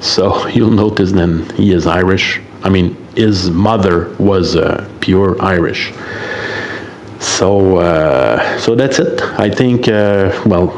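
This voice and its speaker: Casting: French-Canadian man, fifties, lowish voice, hesitant and full of fillers, faint hiss behind. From Quebec, Canada. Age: 50s. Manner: halting, hesitant, many fillers, apologetic. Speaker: guest sending a recorded message to a radio show. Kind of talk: self-recorded voice message.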